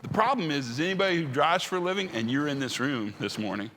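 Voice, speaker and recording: A man's voice: a little high, lively intonation, fast talker, a bit bright, slight background noise. A man giving a humorous storytelling keynote at a conference, acting out the dialogue. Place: large conference hall. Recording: reverberant hall sound.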